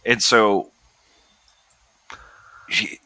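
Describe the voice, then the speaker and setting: Bright-voiced man retelling a movie. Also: drawn-out words, no room sound. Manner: animated retelling, acts out characters' lines. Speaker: podcast co-host. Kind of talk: casual movie discussion.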